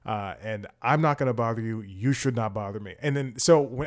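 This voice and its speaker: A man's voice: mid-range voice, normal speed. A young man hosting a comedy podcast, telling a long exasperated story in a rambling casual way, with many restarts and laughs. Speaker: podcast host.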